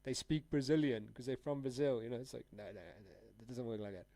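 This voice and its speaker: A man's voice: mid-range voice, quick pace, mellow. A young man chatting casually on a live trading stream, rambling and slangy with frequent laughs. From South Africa. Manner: laid-back, rambling, slangy, laughs often. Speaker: trading livestreamer.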